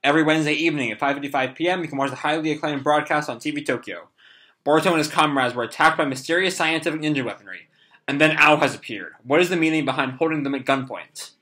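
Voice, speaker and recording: A hoarse young man hosting a casual live comic read-through, rambling with lots of "like" and "uh". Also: fairly high pitch, quick pace, sharp tone. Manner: rambling, full of "like" and "uh". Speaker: comic reaction host.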